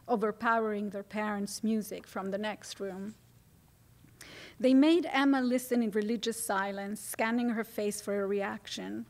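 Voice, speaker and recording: A woman from Italy with an Italian accent, a native Italian speaker, reading her own fiction aloud at a public event in a measured, expressive way. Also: medium pitch. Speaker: author.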